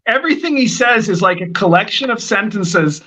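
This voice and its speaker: High, bright-voiced man chatting. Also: animated, brisk. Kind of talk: casual livestream chat.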